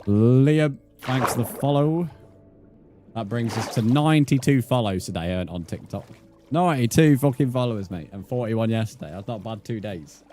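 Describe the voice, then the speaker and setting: A man's voice: medium pitch, animated, moderate pace, mellow, faint music behind. A man livestreaming a game, chatting bluntly and swearing as he reads out his chat. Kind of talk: casual live gaming stream chat.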